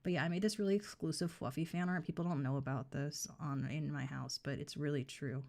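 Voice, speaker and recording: Joking woman streamer, lowish voice. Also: steady tone, brisk, gravelly, a little mellow. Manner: joking, rambling, mock-boastful. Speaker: game streamer. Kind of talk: casual live game commentary.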